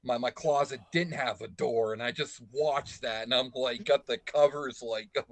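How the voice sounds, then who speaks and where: Halting man in casual chat. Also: medium pitch, no echo. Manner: halting, repeats words.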